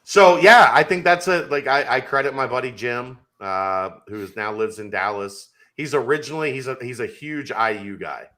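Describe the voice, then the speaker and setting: A man's voice: mid-range voice, moderate pace, hardly any pauses, pushed and bright. A man talking sports casually on a podcast as a guest, making his points emphatically. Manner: emphatic, argumentative.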